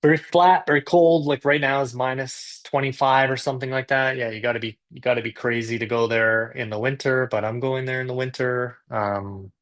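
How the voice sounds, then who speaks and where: A man's voice: mid-range voice, steady tone, a little fast, hardly any pauses, a bit bright. A Canadian man teaching English, chatting casually and joking with his viewers during a live class. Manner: chatty, joking, self-deprecating.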